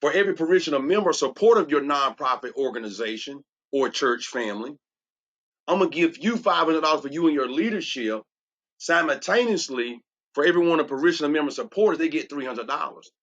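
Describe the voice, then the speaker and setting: Emphatic coach type, man, a bit high-voiced, churchy sales pitch, muffled lo-fi recording. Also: lively intonation, a little fast, fairly bright tone. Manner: preachy, emphatic, repeats "watch this". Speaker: transformational coach. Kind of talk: solar sales presentation.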